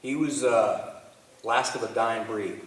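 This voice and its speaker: A man, telling animated, profane stories at a convention panel, stammering and restarting as he goes. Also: medium pitch, takes it slowly. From Texas. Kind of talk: profane anecdotal storytelling. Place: large convention hall. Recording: roomy hall, voice from far off.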